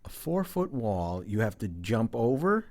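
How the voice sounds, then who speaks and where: A man's voice: mid-range voice, very animated, unhurried, darkish tone. A man chatting casually as a co-host, dropping dry, jokey asides into the story. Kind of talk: casual chat.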